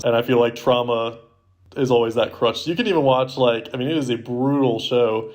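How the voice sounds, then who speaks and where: A man's voice: mid-range voice, a little mellow. A young man in his twenties, co-hosting a casual podcast, rambling with many "like" fillers. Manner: rambling, heavy use of "like" fillers. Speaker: podcast co-host. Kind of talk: casual chat.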